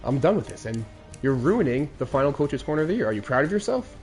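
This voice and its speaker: A man's voice: mid-range voice, big pitch swings, quick pace, darkish tone, faint music behind. A man in his twenties hosting a game commentary show, recapping a lost Madden game in a crude, aggrieved rant. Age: 20s.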